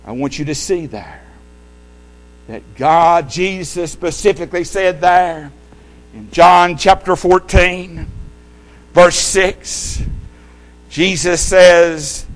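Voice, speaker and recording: A male preacher delivering a sermon. He quotes scripture in old-fashioned wording and swings between loud, emphatic lines and hushed, low ones. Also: takes it slowly, long pauses.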